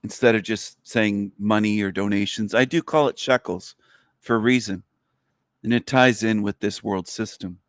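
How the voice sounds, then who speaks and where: A man hosting a livestream, delivering an angry, profane, repetitive rant whose pitch climbs sharply as he gets worked up. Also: fairly even intonation, normal speed, no room sound, studio quality. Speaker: livestream host. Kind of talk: ranting livestream monologue.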